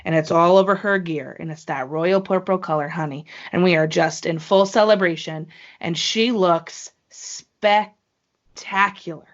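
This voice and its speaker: A woman's voice: lowish voice, measured pace. A woman hosting a podcast, chatting casually and gushing with enthusiasm. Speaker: podcast host. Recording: muffled lo-fi podcast audio.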